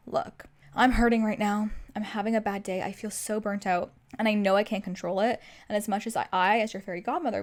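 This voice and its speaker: A young woman hosting a self-help podcast, giving a direct tough-love pep talk and calling the listener "girl". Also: mid-range voice. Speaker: podcast host.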